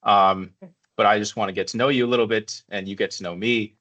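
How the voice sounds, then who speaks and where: An American man with a fairly low voice pitches in an online session. He keeps it casual and upbeat, with a light joking touch. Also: fairly even intonation, fairly quick, fairly bright tone. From United States. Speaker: city presenter. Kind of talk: presentation pitch.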